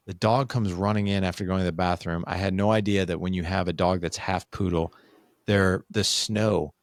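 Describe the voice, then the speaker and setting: A man's voice: low-pitched, no room sound, studio quality. A man in his forties, a podcast guest, telling a candid family story in casual conversation and acting out what people said. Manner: candid, animated, acts out quoted dialogue.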